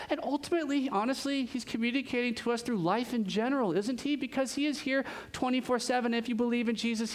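A man with a high, bright voice preaches a sermon. He tells his stories in an animated way, laughs often, and breaks off into quick asides. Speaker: pastor.

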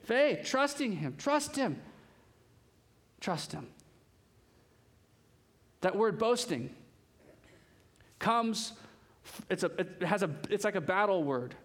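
A young man preaching a sermon in a lively, conversational way, with casual asides. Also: high-pitched, a little slow, pauses often. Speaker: pastor.

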